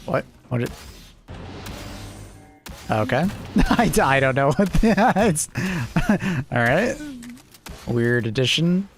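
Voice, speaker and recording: A man's voice: a little high, expressive, slow, long pauses, soft background music. A young man streaming a game in casual chat, laid-back, swearing freely and chuckling often.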